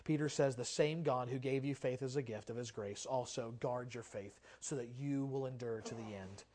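A man preaching a sermon as pastor, impassioned, swinging from loud declarations to quiet, low passages. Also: normal speed. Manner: impassioned preaching with wide swings in loudness and pitch.

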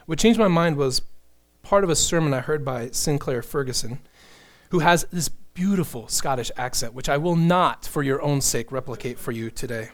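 A middle-aged man preaching a sermon, earnest and animated, with joking asides to the congregation. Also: medium pitch, normal speed. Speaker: pastor.

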